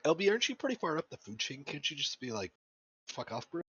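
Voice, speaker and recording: A man in casual podcast chat, cutting in with quick jokes. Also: a little high, big pitch swings, pushed and bright, husky, dry recording, muffled recording. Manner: quick joking interjections. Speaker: podcast co-host.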